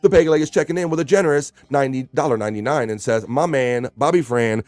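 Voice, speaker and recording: Relaxed chatty male stream host. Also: mid-range voice, heavy background noise. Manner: relaxed, chatty, reads slowly then riffs. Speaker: livestream host. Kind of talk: casual horoscope reading to chat.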